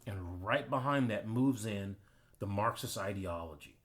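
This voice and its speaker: A man's voice: on the low side, measured pace. A man hosting his own channel, giving an emphatic, preachy commentary monologue and telling personal anecdotes. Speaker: channel host.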